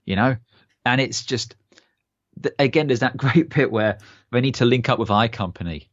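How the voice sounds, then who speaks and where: A man's voice: medium pitch, moderate pace, no echo, lo-fi sound. A young man co-hosting a podcast in casual chat, enthusiastic and rambling with many fillers. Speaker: podcast co-host.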